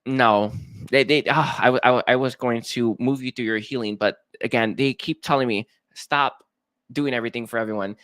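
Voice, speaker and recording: A man's voice: mid-range voice, fairly even intonation, moderate pace, fairly bright tone, no room sound, clean studio sound. A man giving a live-streamed psychic reading, talking with many fillers and restarts. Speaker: psychic reader.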